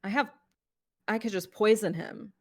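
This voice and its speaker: A woman playing a tabletop game, speaking hesitantly with frequent pauses and fillers. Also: mid-range voice. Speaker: player.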